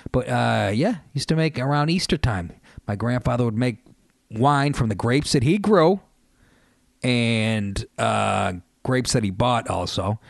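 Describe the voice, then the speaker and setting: A man's voice: mid-range voice, gravelly, dry recording. Man telling profane stories, dry sound. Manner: profane, animated storytelling. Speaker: radio host. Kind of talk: comedic storytelling monologue.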